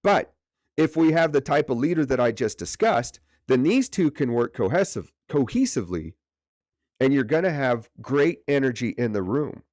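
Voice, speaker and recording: A man's voice: mid-range voice, very animated, moderate pace, darkish tone, no echo. Man coaching leaders in a dry room. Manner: conversational, repeats words for emphasis. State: stiff neck from poor sleep. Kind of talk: livestream training presentation.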